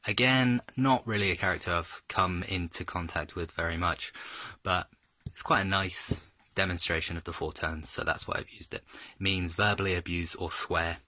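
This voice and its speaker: A man giving a casual, jokey video lesson as a self-taught learner, stretching his pitch up and down to demonstrate tones. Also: normal speed, bright, forceful tone, no echo. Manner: chatty and jokey, exaggerates tones when demonstrating.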